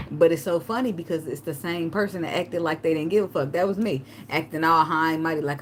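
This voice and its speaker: Woman tarot reader, lowish voice, lively storytelling monologue, faint background hiss. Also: fairly quick. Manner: animated storytelling, acts out begging in a high pleading voice, laughs often. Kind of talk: casual spiritual advice monologue.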